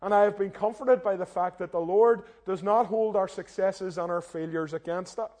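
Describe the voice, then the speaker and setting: A man's voice: sits high, moderate pace, a little mellow. A young man, preaching a sermon in an earnest, direct way and poking fun at himself. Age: young adult. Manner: earnest, direct, self-deprecating, often addresses listeners as "guys". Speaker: minister.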